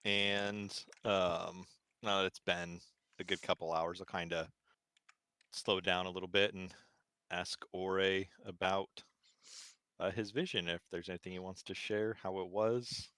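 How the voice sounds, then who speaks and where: A man's voice: deep voice, steady tone, a little slow, sharp tone, clean tone, dry recording, clean studio sound. A man playing a tabletop role-playing game, describing his character's actions hesitantly with many fillers. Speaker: player. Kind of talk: casual tabletop role-play.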